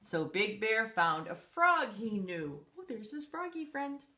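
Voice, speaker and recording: A woman's voice: medium pitch, sing-song, unhurried, bright, forceful tone. A woman reading a picture book aloud to children, playfully asking her young listeners questions as she goes, in a roomy, echoey space. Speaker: children's story reader. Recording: roomy echo.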